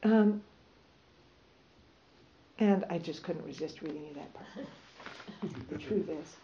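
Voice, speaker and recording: Woman speaker, slow and loose, reads then chats, echoey dull room. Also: on the low side, a little hiss or hum. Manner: relaxed, loose, many fillers. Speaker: speaker reading to an audience. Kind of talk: reading aloud, then casual talk. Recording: roomy, slightly dull recording.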